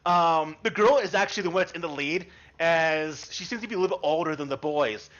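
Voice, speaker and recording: A man's voice: on the high side, brisk, a bit bright, lo-fi sound. A man narrating as game master in an online tabletop game, rambling and restarting as he describes scenes and asks the player what he does.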